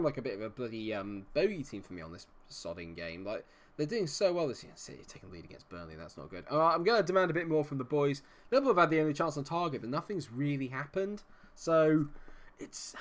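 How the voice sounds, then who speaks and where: A young man from Dorset with a Dorset English accent, commentating a live football game stream in a chatty, self-deprecating way, humming and muttering to himself between plays. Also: medium pitch. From England, Dorset. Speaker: gaming streamer.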